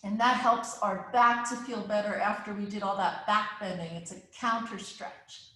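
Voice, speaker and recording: A woman's voice: mid-range voice, fairly even intonation, normal speed, bright, forceful tone. A woman guiding a children's yoga class, playful and encouraging, making animal sounds along the way. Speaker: kids yoga teacher. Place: live virtual class. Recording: very echoey room.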